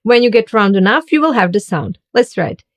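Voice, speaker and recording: A woman giving a scripted language lesson, speaking slowly and deliberately as she demonstrates each sound. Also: mid-range voice, lively intonation. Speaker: German teacher.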